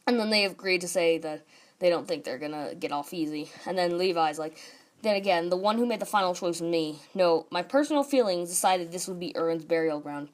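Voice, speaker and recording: A young woman casually recapping and ranting about a manga chapter, full of "like" and quoted lines. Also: fairly low pitch. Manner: chatty, says "like" a lot, reads quotes aloud. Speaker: manga reviewer.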